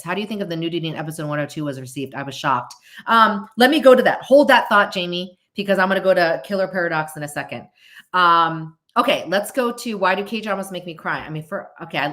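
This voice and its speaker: A woman's voice: on the low side, fairly bright tone. A middle-aged woman hosting a podcast, chatting casually and answering viewer questions, often breaking off her sentences and laughing. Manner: chatty, self-interrupting, laughs easily. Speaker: podcast host.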